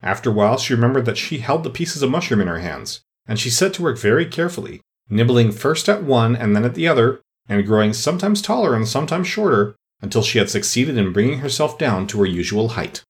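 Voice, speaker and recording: Man reading a storybook, lively. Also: mid-range voice, fast, few pauses, husky. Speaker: narrator.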